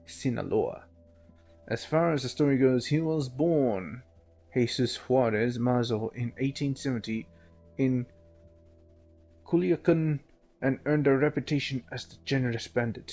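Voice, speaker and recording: Casual gaming host, jokey, reads documents aloud with stumbles, faint music behind. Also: male voice, mid-range voice, darkish tone. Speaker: let's play host. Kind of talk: casual gameplay commentary, reading in-game documents.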